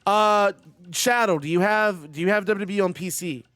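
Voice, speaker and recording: A man's voice: high-pitched, normal speed, a bit bright, dry recording, faint music behind. A man streaming a wrestling video game, giving play-by-play commentary and chatting with viewers in between.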